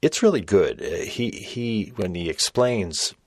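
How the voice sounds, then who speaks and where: An older man hosting a podcast, reflecting thoughtfully and haltingly with many fillers. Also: fairly low pitch, big pitch swings, no echo, clean studio sound. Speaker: podcast host.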